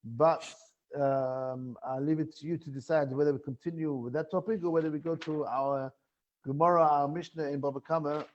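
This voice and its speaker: A man's voice: on the high side, fairly even intonation, moderate pace, muffled recording. Chuckling, questioning male Gemara teacher. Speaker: Torah teacher. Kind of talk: online Gemara class.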